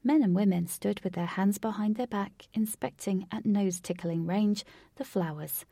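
A woman narrating a storybook, unhurried, now and then dropping to a whisper. Her voice is mellow and gravelly with a husky edge. The recording is dry and close. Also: mid-range voice, no echo.

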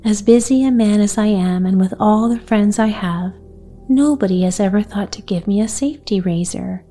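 A woman's voice: mid-range voice, moderate pace, warm tone, soft background music, lightly acted. Give me a grave, decisive wealthy father in a storybook, read by a woman.

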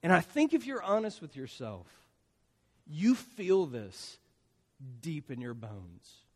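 A man's voice: fairly high pitch, huge pitch swings, slow, darkish tone, long reverb tail. A man preaching a sermon in a conversational way, often checking in with his listeners by asking "right?". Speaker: pastor.

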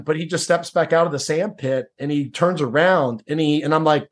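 A middle-aged man with a slightly high voice tells a personal story in a relaxed, conversational way. He restarts his sentences and leans on "like" and "dude.". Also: normal speed, hardly any pauses. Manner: casual, repeats words, says "dude" and "like". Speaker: podcast guest. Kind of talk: storytelling interview.

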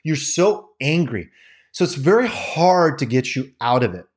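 A man's voice: a little high, sing-song, measured pace. A man hosting a podcast, talking through psychology ideas in a candid, casual monologue and swearing now and then. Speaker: podcast host.

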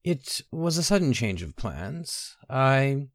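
A man's voice: mid-range voice, big pitch swings, takes it slowly, no room sound, clean studio sound, voice pushed up. A man playing a tormented young man in a storybook reading, his speech strained and brooding. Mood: haunted.

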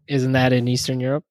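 A man trading jokes on a casual podcast, animated and playful, his voice sitting in a fairly ordinary middle register. The sound is dry and close, with no room around it. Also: mid-range voice, creaky, no room sound. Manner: joking, animated. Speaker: podcast co-host. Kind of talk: casual chat.

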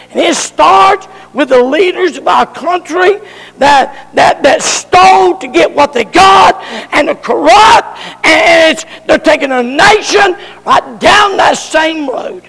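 Preacher shouting a sermon, high slow gravelly voice, big echoey hall. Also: male voice. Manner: fervent, shouted emphasis.

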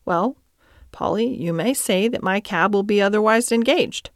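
A woman voicing a principled middle-aged cab driver and father, speaking in an earnest, measured way close to her own voice. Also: medium pitch, no echo, lightly acted.

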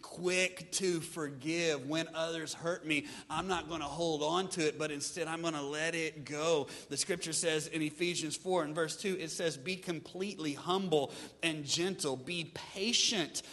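A pastor preaching a sermon with lively delivery, acting out his listeners' excuses in changing voices. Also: a little high, a little slow, in a large hall. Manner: animated preaching, mimics congregants' excuses.

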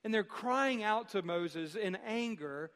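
A man preaching a sermon as pastor, speaking emphatically with dramatic pauses and rhetorical questions. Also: high-pitched, lively intonation, a bit bright, long reverb tail.

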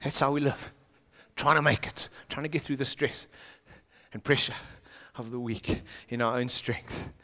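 A South African man preaching a sermon in a church, swinging from hushed lines to shouting. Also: medium pitch, fairly even intonation, measured pace. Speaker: pastor. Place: church auditorium. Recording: long reverb of a large church hall.

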